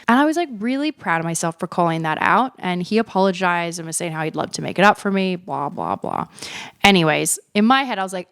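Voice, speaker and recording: A podcast host in her thirties tells her own story in a candid, chatty way, poking fun at herself and cursing without a second thought. Her voice sits on the low side for a woman. The recording is dry, with no room sound around her. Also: lively intonation, a little fast, creaky, no echo. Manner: frank, chatty, self-mocking, swears freely.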